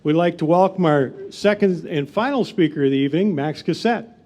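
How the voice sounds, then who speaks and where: A man's voice: on the high side, brisk. A man acting as emcee, reading a formal introduction of the next speaker. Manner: formal, steady delivery. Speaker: event emcee.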